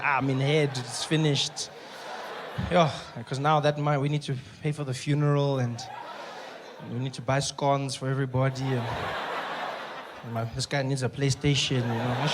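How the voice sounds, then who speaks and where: A man doing stand-up storytelling, animated, acting out characters and shouting in bursts. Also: moderate pace, noisy background. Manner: animated, acts out characters with big pitch jumps and shouting. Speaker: stand-up comedian.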